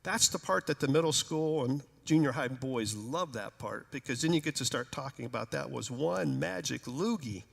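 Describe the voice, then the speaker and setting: A man preaching a sermon as pastor in a church, storytelling in a conversational, humorous, animated way. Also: mid-range voice, normal speed, gravelly, few pauses, long reverb tail. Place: church sanctuary.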